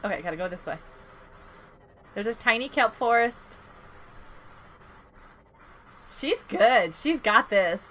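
A woman's voice: on the high side, animated, normal speed, fairly bright tone, a little hiss or hum. A woman streaming a survival game, chatting playfully and giggling as she counts out her items. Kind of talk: casual gameplay chat.

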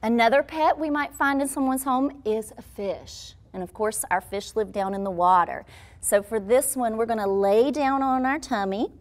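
A woman's voice: fairly high pitch, normal speed. Cheerful woman leading kids' yoga. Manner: cheerful, encouraging, speaks simply to small children. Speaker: children's movement instructor.

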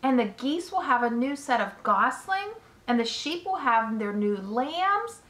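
A woman's voice: big pitch swings, unhurried, a bit bright, exaggerated voice. A woman voicing a young, eager, innocent male pig in a storybook reading. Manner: eager, questioning, raises pitch. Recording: echoey room.

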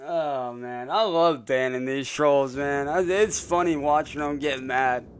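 A young man chatting casually while streaming a car game, loose and swearing, mocking trolls and getting excited over cars. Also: mid-range voice, a little slow, a little hiss or hum.

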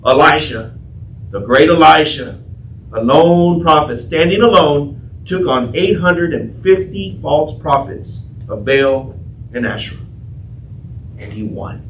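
A pastor preaching a sermon, telling the story dramatically and acting out the quotes, sometimes shouting. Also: male voice, on the high side, lively intonation, slow pace, distant mic, a little hiss or hum. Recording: echoey room, voice from off-mic.

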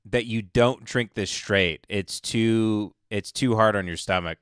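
A man's voice: on the low side, measured pace, fairly bright tone, clear, resonant tone, dry recording, studio quality. A man hosting a live stream, mocking the people in a clip with sarcastic commentary. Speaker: stream host.

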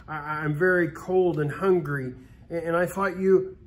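A man's voice: fairly high pitch, steady tone, unhurried, lightly acted. A man voicing a poor, hungry little boy who stammers and pleads in a read-aloud story. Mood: timid.

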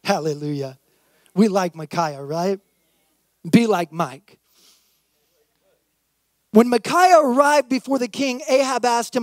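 Youth pastor preaching, man with a very high voice, dramatic scripture reading, dry close recording. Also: slow pace, long pauses, dry recording. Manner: reads scripture aloud, acts out quotes with lively emphasis. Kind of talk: sermon.

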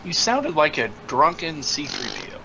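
A man's voice: on the high side, very animated, normal speed, crowd noise. A man in a casual gaming voice chat who teases his friends and swears at the game. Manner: teasing, exclaims and swears at the game. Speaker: gamer on voice chat.

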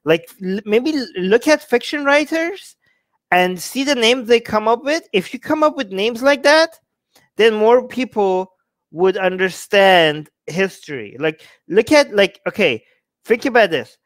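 A man's voice: high-pitched, animated, measured pace, a bit bright, dry recording. A man hosting a livestream, mocking and exasperated as he reacts to the live chat. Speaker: livestream host. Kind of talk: livestream commentary.

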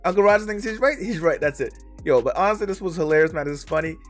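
A man's voice: fairly high pitch, animated, fast, faint music behind. A man hosting a reaction video, chatting casually and tossing in man a lot. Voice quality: laid-back, says man a lot.

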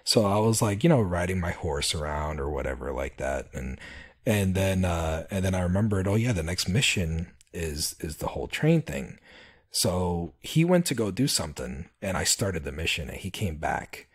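A man with a very deep, husky voice hosts a relaxed podcast chat. His pitch swings widely as he rambles through a story, full of fillers and restarts. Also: normal speed. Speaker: podcast host. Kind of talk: casual chat.

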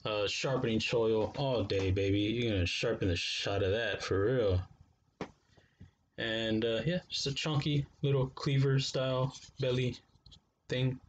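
A man's voice: medium pitch, fairly even intonation, a little slow, slight background noise. A man reviewing knives in a casual unboxing vlog, talking to viewers in a laid-back, slangy way. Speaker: knife reviewer.

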